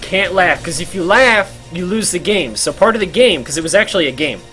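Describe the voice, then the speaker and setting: A man's voice: high-pitched, lively intonation, brisk, bright, forceful tone, faint music behind. A man streaming a game while telling a rambling story, full of fillers and laughs.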